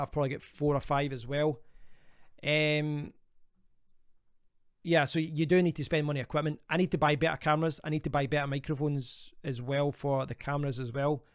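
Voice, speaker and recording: Scottish man, live stream host, rambling casual chat, fairly high voice, smooth and clear. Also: dry recording, studio quality. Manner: chatty, rambling, reads out and answers viewer comments. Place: home in Spain.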